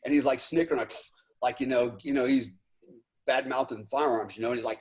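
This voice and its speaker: A man's voice: medium pitch, steady tone, a little fast. An American man in casual podcast talk, rambling and profane, packing his speech with "you know". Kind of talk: casual chat.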